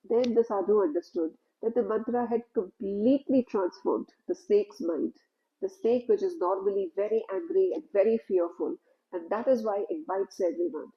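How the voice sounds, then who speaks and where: A woman telling a spiritual story in a gentle, unhurried, conversational way. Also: mid-range voice, lo-fi sound.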